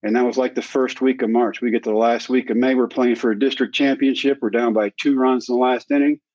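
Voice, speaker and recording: A man of about sixty spins a long personal story, playing out each quoted line as he goes. His voice sits at an ordinary middle pitch. The recording is dry, with a slightly dull, muffled top end. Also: fast, no room sound. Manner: animated storyteller who acts out quoted dialogue. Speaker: guest. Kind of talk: storytelling in a sit-down conversation.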